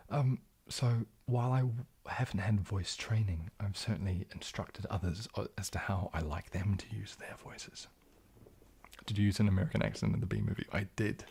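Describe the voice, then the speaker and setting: Kiwi guy whispering on an asmr stream, very airy husky voice, lots of ums. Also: lowish voice. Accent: New Zealand. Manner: shifts between whisper and soft speech, hesitant with fillers. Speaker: ASMR livestream host. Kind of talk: whispered, soft-spoken chat.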